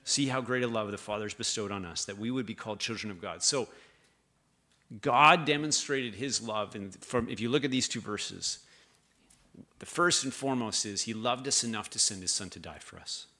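Male preacher, lowish, bright tone; relaxed conversational sermon with scripture reading. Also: brisk.

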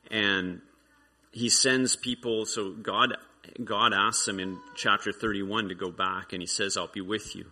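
A man's voice: lowish voice, steady tone, measured pace, sharp tone. A man giving an informal sermon, reading scripture and reflecting aloud in a conversational way. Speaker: preacher.

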